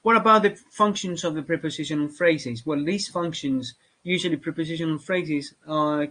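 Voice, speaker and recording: A man's voice: on the high side, a bit bright, poor audio. Hesitant man teaching English grammar. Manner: hesitant, many fillers and restarts. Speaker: English teacher for exam candidates. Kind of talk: spoken grammar lesson.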